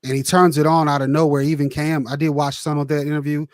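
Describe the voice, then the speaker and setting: Relaxed man chatting on a sports podcast. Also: on the high side, quick pace, no echo, clean studio sound. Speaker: podcast co-host. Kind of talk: casual sports chat.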